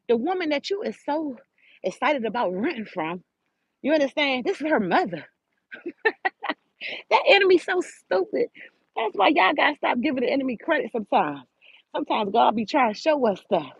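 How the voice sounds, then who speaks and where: An older woman hosting a show, telling a spiritual story in an animated, preachy way and speaking right to her listeners. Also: a little high, slightly rough, no echo. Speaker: host. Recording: dull lo-fi audio.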